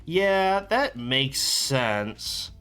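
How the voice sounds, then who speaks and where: A man's voice: medium pitch, very animated, extremely slow, bright, forceful tone, smooth, faint music behind. A young man chatting casually on his stream, rambling, amused and laughing often.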